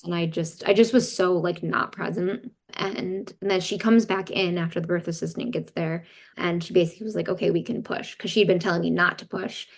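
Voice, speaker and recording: A woman's voice: lowish voice, fairly even intonation, brisk, vocal fry. A woman, a doula, candidly telling a long personal story as a podcast guest and quoting what others said. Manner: candid, recounts events and quotes others. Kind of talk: casual storytelling.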